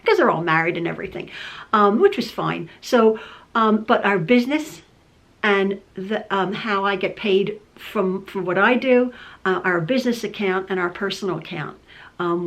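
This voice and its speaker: An older woman, a quilting channel host, chatting casually to camera from her home sewing room and rambling with many fillers and restarts. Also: mid-range voice.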